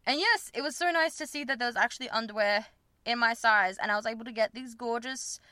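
A young woman hosting a podcast talks at a quick pace in a high-ish, pushed and bright voice, recorded dry with studio quality. Her chat is candid and rambling about her personal life, with many fillers and self-conscious laughs.

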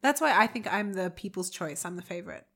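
A woman's voice: medium pitch, lively intonation, fast talker, fairly bright tone. Cheeky, playful young woman co-host. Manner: playful, cheeky, laughs often. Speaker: podcast co-host. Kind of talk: casual podcast chat.

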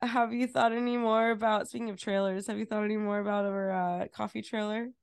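A woman's voice: medium pitch, flat delivery, brisk, vocal fry, clean tone. A young woman co-hosting a casual podcast, joking around with dry asides and frequent laughter. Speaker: podcast co-host. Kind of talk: casual chat.

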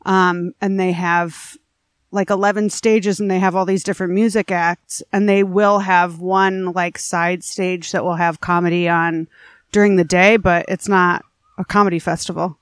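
A woman's voice: on the low side, little pitch movement, moderate pace, smooth, no echo. A woman comedian from Milwaukee chatting as a guest, easygoing and dry, with frequent ums. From Milwaukee, Wisconsin, USA. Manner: easygoing, dry, lots of fillers. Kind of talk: casual interview chat.

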